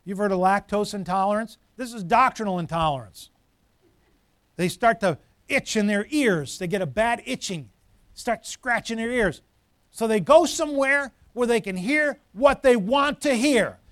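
A man preaching a sermon in a high, forceful voice, climbing toward shouting on his main points and falling back to muttered asides. The pastor's voice is close and dry, with no room around it. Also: moderate pace, no echo.

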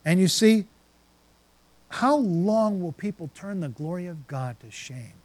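A man's voice: high voice, expressive, a little slow, a little mellow. A man preaching a sermon, reading scripture passages aloud and then stopping to reflect on them.

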